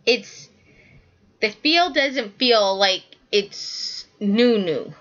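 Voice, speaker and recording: A woman's voice: medium pitch, expressive, very slow, fairly bright tone, highs cut off. A woman hosting a knitting podcast, chatting casually and rambling as she shows her work to the camera, often correcting herself mid-sentence.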